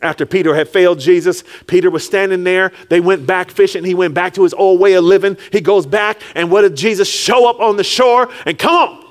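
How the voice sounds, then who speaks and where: A man preaching a sermon with call-and-response, rising to shouts and dropping low, acting out scripture figures. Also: brisk, few pauses. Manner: animated, call-and-response, rises to shouts then drops low; acts out Jesus and Peter in quiet low tones.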